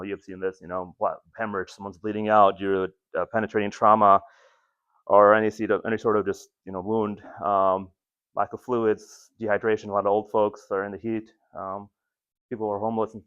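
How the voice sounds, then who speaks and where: A man's voice: fairly low pitch, fairly bright tone, clean tone. A man giving a casual training lecture to ambulance crews, rambling and self-deprecating, with lots of ums and restarts. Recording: muffled lo-fi recording.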